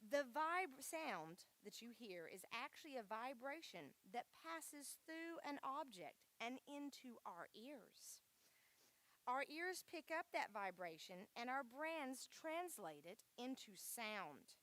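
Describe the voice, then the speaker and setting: A woman's voice: fairly high pitch, sing-song, slow pace, fairly bright tone. A woman leading a children's church lesson, upbeat and coaxing, often saying "all right". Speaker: Vacation Bible School leader.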